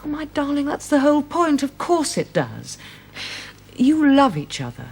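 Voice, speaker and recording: A woman's voice: sits high, wildly swooping pitch, normal speed, gravelly, darkish tone, heavily acted. An actress playing a worldly woman who frankly and affectionately comforts a younger woman.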